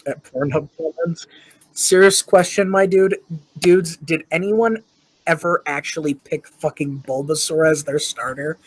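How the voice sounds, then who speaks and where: Casual young male podcaster, slow and giggly, dead-dry mic. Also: a little high, husky, no room sound, poor audio. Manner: laughing, unhurried, reads out comments. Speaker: podcast host. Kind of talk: casual chat, reading comments aloud.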